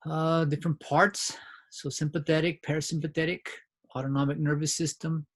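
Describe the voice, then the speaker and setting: A man's voice: on the high side, flat delivery, moderate pace. A man teaching a biology review lecture in a conversational way, often checking in with his students and restarting his phrases. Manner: conversational, frequent "right?" check-ins and restarts. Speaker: biology instructor. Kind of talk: recorded lecture.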